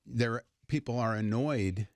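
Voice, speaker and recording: A man co-hosting a morning radio talk show, speaking in a hesitant, measured way and gently pushing back. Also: medium pitch, dry recording, studio quality.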